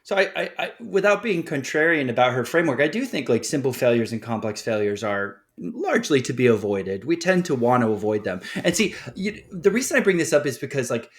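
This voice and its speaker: A man hosting a casual podcast chat, thinking out loud and probing his guests. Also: medium pitch, lively intonation, brisk, hardly any pauses. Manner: reflective, probing.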